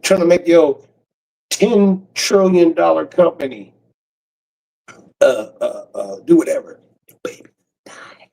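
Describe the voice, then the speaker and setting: A man in his forties doing a profane comedic rant on a livestream, breaking into cackles and swinging from loud outbursts to low mutters. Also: very animated, slow, creaky, long pauses, poor audio. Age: 40s.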